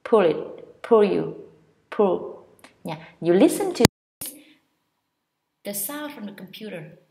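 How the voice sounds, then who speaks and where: A woman teacher with a Vietnamese accent talks through an English pronunciation lesson at a slow, deliberate pace. She repeats every word several times and stretches its vowel sounds for learners. Her pitch sits in a middle range. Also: big pitch swings, creaky, noisy background.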